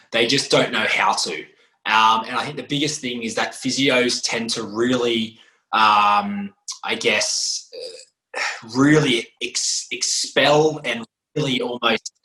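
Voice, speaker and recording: A man's voice: mid-range voice, roomy sound, rough recording. A man, a physiotherapist, talking casually on a podcast in a rambling, storytelling way. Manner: rambling, animated storytelling with restarts. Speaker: physiotherapist guest.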